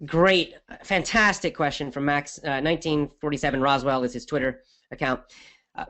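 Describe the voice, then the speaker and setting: A middle-aged man, an English teacher, answers listener questions on his podcast in an energetic, emphatic, conversational way. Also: a little high, normal speed.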